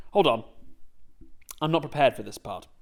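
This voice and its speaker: A man's voice: medium pitch, expressive, normal speed, creaky. A young man hosting a comedic video essay, sarcastic and sweary, breaking into rants.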